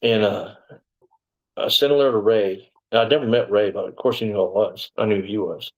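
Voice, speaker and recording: A lowish-voiced man, telling his story in an interview. He talks bluntly and swears freely, breaking into loud outbursts when he quotes himself. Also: fairly even intonation, a little fast, poor audio. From Texas, USA. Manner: blunt and profane, bursts out when quoting himself. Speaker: interview guest. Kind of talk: storytelling in conversation.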